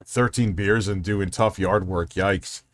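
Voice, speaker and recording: A man with a deep voice hosts a casual livestream, speaking slowly in a steady tone. He rambles, swears freely and reads out chat messages.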